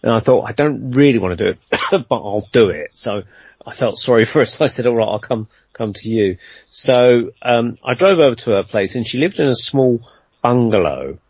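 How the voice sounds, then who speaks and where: Man, rambling storyteller, husky voice, dry lo-fi recording. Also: medium pitch, animated, moderate pace, darkish tone, no echo. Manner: rambling, conversational, many fillers and restarts. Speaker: guest storyteller. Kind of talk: casual radio interview anecdote.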